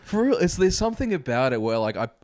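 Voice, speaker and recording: A man's voice: on the high side, very animated, fast, darkish tone, no room sound, clean studio sound. A man chatting casually as a guest, enthusiastic and slangy. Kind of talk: casual comedic chat.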